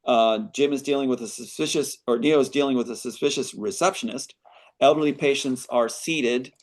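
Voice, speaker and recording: A man reads his own screenplay aloud as an interview guest, pausing for earnest asides. His voice sits at an ordinary middle pitch. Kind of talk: reading and commenting on his screenplay.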